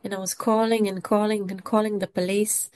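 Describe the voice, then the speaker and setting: A woman, an English speaker, giving an emotional first-person testimony in a halting way, often repeating and restarting words. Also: medium pitch, flat delivery, a little mellow.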